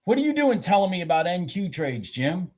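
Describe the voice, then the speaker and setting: A man hosting a live trading stream, urging his trades on, swearing at the chart and then slowly talking through his morning and setups. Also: sits high, big pitch swings, darkish tone. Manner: slow, rambling and candid when explaining. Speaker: futures trading livestream host.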